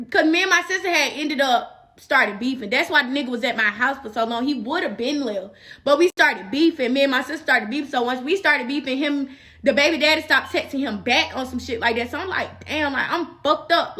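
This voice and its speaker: A young woman with a high, bright voice tells a story on her vlog. She talks in a loose, profane way and keeps reaching for fillers. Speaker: vlogger. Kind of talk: casual storytime.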